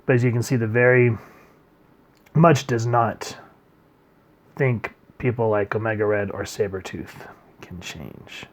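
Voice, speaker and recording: A man reviewing a comic book in casual chat, rambling and trailing off quietly at the ends of his sentences. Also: steady tone, a little slow, pauses often. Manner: rambling, trails off quietly at line ends, reads quotes in a low murmur.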